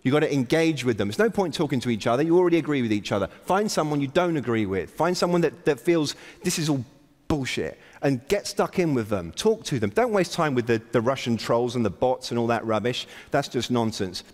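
A man's voice: mid-range voice, animated, a little fast. A wry man delivers an opening address on a conference stage. His voice rings out through a big hall with long reverb. He is self-deprecating and keeps urging the crowd to get moving. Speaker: keynote speaker.

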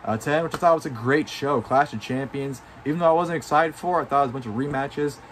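A man records a casual review vlog, his voice sitting at an ordinary middle pitch. He gushes and swears freely, with loose, filler-heavy phrasing. A faint hiss sits under the talk. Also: fast talker. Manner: excited, swears freely, many fillers like "you know". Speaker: wrestling show reviewer.

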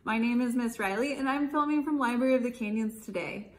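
A woman's voice: fairly high pitch, a little fast. A woman hosting a children's library storytime, talking in a cheerful, sing-song way to kids from a library. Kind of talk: virtual storytime reading.

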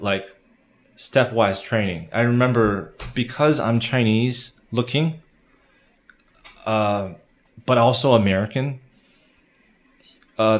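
A man in his thirties, a missionary guest in an interview, telling animated stories with many restarts. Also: fairly low pitch. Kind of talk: conversational interview.

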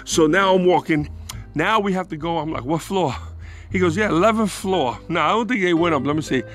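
A man telling a rambling, profane personal anecdote in a casual, animated way. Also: a little high, brisk, soft background music. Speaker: storyteller.

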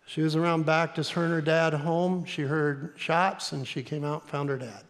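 A man's voice: a little high, steady tone, normal speed. A man preaching a sermon as pastor, telling stories earnestly and repeating key lines for emphasis. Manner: earnest storytelling with emphatic repetition. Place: church sanctuary. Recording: long church reverb.

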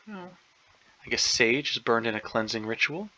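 On a dull lo-fi recording, a man reasons aloud through a crossword at normal speed, hesitant and doubting himself with plenty of ums. His medium-pitched voice is very animated, bright, and forceful.

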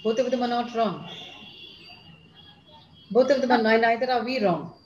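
A woman's voice: a little high, moderate pace, darkish tone, a little hiss or hum. A middle-aged woman with an Indian English accent, a school principal answering questions in an online seminar, stressing points by repeating them. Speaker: school principal giving a talk. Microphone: video call. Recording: echoey, dull video-call audio.

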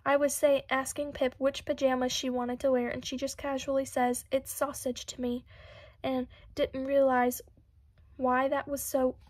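A woman's voice: high-pitched, flat delivery, unhurried. A woman voicing a loyal, bubbly teenage girl best friend with an upbeat, teasing manner.

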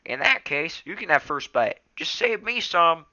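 A man's voice: on the high side, sing-song, a little slow, pushed and bright, lo-fi sound, voice pushed up, exaggerated voice. A young man voicing an eager, friendly young male apprentice cat in a storybook reading.

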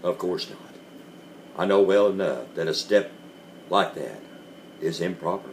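A man giving a dramatic reading of a classic story, slow and deliberate with dramatic pauses. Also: low-pitched, animated, slight background noise. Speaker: reader.

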